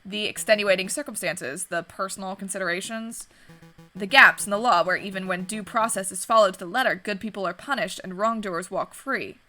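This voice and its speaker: A principled male bird prosecutor from a courtroom game reflects in a measured, formal way, read aloud by a woman. The voice is bright. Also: mid-range voice, faint music behind, natural voice.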